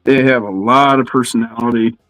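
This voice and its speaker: A man's voice: fairly even intonation, brisk, a bit bright, dry recording, faint music behind, low-quality recording. Laid-back swearing male streamer. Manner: laid-back, swearing, acts out quotes in a high voice. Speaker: co-host. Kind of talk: casual livestream chat.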